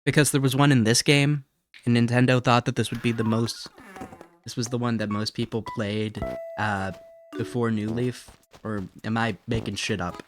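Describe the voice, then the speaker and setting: A man's voice: medium pitch, fairly even intonation, moderate pace. Goofy man streaming a cozy game. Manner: goofy, self-mocking, slips into a silly put-on accent. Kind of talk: casual gaming commentary. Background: game music.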